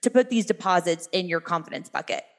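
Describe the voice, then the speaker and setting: A woman's voice: fairly low pitch, vocal fry. A woman speaks as a guest on a podcast in an easy, conversational way. She sounds upbeat and motivational. Her words rush out, full of filler words. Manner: energetic, motivational, fast with many fillers.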